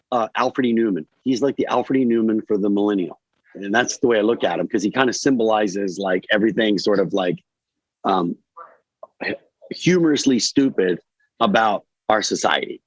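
A man from Delaware, a guest actor in a casual podcast chat, rambling and animated with lots of fillers. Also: lowish voice, moderate pace, no echo, muffled recording. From Delaware, USA.

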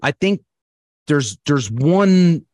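A man's voice: a little high, expressive, drawn-out words, darkish tone, no echo. A man hosting a podcast, chatting casually in a rambling way, full of fillers and swearing. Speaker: podcast host. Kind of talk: casual chat.

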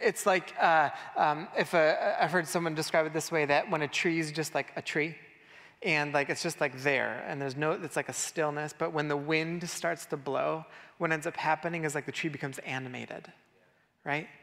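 This conversational sermon comes from a pastor in an echoing church hall, who talks loosely with fillers and gives his congregation directions. He speaks at a normal speed in a fairly high, steady, slightly bright voice.

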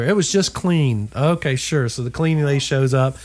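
A man's voice: mid-range voice, normal speed. An older man with grandchildren telling a travel story in a casual chat, acting out the voices of the people in it. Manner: animated storyteller acting out quoted dialogue.

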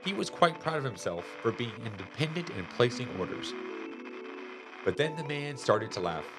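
A man reading a children's chapter book aloud in a lively, expressive storytelling manner. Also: medium pitch, normal speed. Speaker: storybook reader. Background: music.

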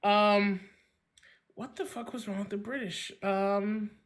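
Animated man swearing through quiz banter. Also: sits high, slow. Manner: animated, swears freely, laughs often.

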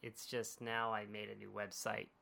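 A woman co-hosts a chatty book podcast with wry, laughing asides. Her voice sits very low with a gravelly fry and a bright, tense edge, and she talks slowly. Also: flat delivery. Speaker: podcast co-host. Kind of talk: casual book-club chat.

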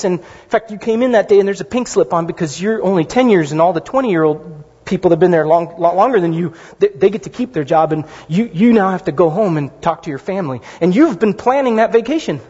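A middle-aged man preaching a sermon as pastor, conversational and animated, with asides to the congregation. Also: high-pitched, quick pace, husky. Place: church sanctuary. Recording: dull lo-fi sound in a reverberant hall.

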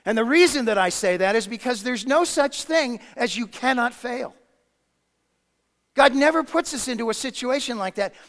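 A pastor preaching a sermon, swinging between loud emphasis and hushed quiet. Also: male voice, extremely high pitch, lively intonation, normal speed. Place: church sanctuary. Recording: long hall reverb.

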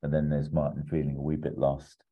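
A man chatting casually as a podcast co-host, rambling through a pitch with lots of fillers and chuckles. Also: completely flat delivery, a little fast. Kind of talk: casual chat. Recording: slightly muffled recording.

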